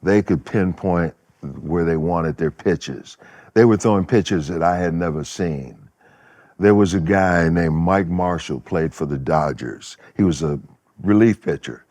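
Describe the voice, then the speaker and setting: Man, 70s, very low voice, interview guest, animated storyteller, acts out quotes. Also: measured pace.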